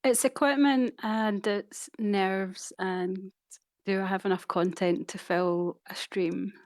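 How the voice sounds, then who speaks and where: A woman's voice: medium pitch, fairly even intonation, slow, no room sound, clean studio sound. Giggly woman with a Kent accent. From Chatham, England. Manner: giggly, self-conscious, light banter. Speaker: guest co-streamer. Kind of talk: casual chat.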